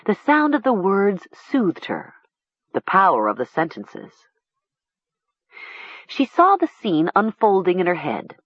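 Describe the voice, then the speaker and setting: Slow, husky woman narrating a storybook. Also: medium pitch, no room sound. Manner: measured, expressive. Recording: dull lo-fi recording.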